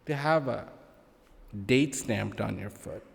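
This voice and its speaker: A man giving a slow, emphatic talk to a live audience, with playful humor and long dramatic pauses. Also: mid-range voice, vocal fry. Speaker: speaker addressing an audience. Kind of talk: spoken address to a live audience. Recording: long hall reverb.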